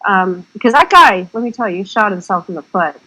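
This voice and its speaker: A woman talks as a podcast guest, her voice sitting at an ordinary middle pitch. She tells her stories in a loose, rambling, chatty way, circling back as she goes. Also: animated, fairly quick, sharp tone, rough recording. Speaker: guest filmmaker. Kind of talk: casual interview chat.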